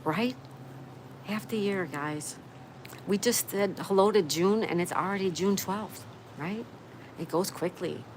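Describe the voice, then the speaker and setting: A woman with a mid-range voice speaks a little slowly and pauses often while cheerfully hosting a relaxed live stream on her canal-side patio, greeting viewers and reading out their comments. The recording is low quality, with a bit of hiss or hum.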